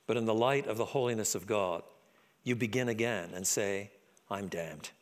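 A man preaching a sermon in an expressive, dramatic way, dropping low and quiet for solemn lines. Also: fairly quick.

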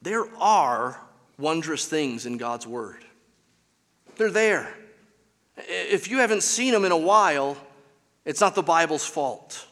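A man's voice: a little high, expressive, slow pace, long pauses, fairly bright tone, big-room sound. A man preaching a sermon as pastor, with an emphatic, repetitive cadence, recorded in a church.

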